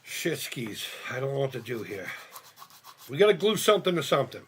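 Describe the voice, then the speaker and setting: A man's voice: mid-range voice, very animated, fairly quick, a little hiss or hum. A man live-streaming as he builds a model kit, rambling and thinking aloud, swearing often and laughing at himself. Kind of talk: casual live-stream chat while crafting.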